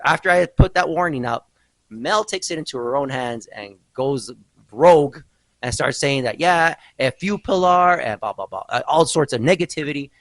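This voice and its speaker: A man hosting a podcast, telling a story with animated mock outrage in a casual chat. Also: a little high, normal speed, no echo, poor audio. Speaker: podcast host.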